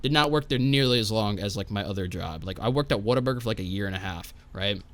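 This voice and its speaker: A man's voice: lowish voice, fast, fairly bright tone. A young man, a podcast guest, telling a casual story in a rambling, profane way and tagging his lines with "right?".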